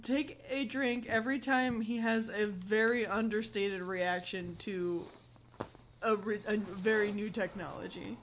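A young woman co-hosting a casual movie chat, retelling scenes in an animated way and laughing as she goes. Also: medium pitch, unhurried, a little hiss or hum. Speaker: podcast co-host.

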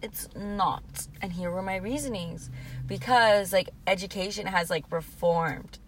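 A woman's voice: mid-range voice, unhurried, slight background noise. A young woman co-hosting a podcast in casual chat, talking in a valley-girl way and saying "like" constantly. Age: young adult. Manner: valley girl speech, heavy use of "like". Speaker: podcast co-host.

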